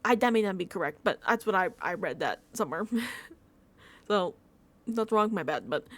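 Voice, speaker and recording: A woman's voice: mid-range voice, lively intonation, moderate pace. A young woman hosting a casual review show, ranting animatedly with frequent laughs and swearing. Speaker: podcast host reviewing a TV episode. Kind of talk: casual rant.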